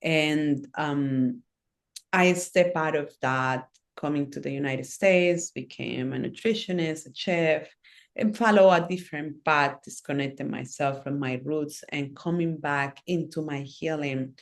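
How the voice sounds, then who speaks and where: A woman guest in a conversational interview whose voice sits low for a woman. She takes her time and lays out her thoughts slowly and earnestly, in short phrases broken by fillers. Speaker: interview guest, ceremony facilitator.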